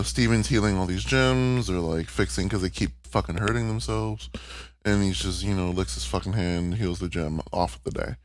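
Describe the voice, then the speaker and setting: Low-voiced guy on a podcast, open and emotional, casual swearing. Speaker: podcast co-host. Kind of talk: casual chat recapping a cartoon.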